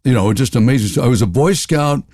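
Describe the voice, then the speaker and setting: Older Southern-raised radio veteran, interview guest, loves jokes and silly voices; dry close mic. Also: male voice, medium pitch, fast talker, darkish tone, dry recording. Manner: jokey, playful voices, laughs often. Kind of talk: storytelling interview.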